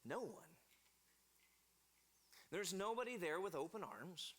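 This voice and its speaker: A man pastor, preaching a sermon in a church and telling a Bible story in a lively, humorous way, getting the congregation to repeat words after him. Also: high-pitched, normal speed. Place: church sanctuary.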